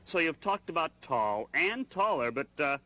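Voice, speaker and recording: A man's voice: a little high, big pitch swings, moderate pace, sharp tone, no echo. A man voicing a fussy, grumpy male puppet who gets exasperated easily.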